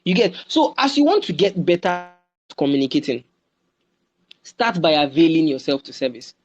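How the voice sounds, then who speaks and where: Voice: mid-range voice, muffled recording. A young adult with a Nigerian accent giving a motivational webinar talk, repeating phrases and often checking in with the listeners. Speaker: webinar speaker.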